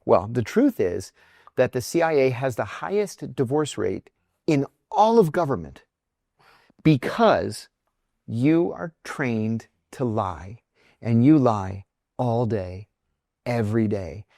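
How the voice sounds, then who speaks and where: A man's voice: mid-range voice, sing-song, slow, creaky, a little mellow, no room sound, clean studio sound. A middle-aged man, a former intelligence officer, telling a personal story in a podcast interview, acting out the voices of the people in it.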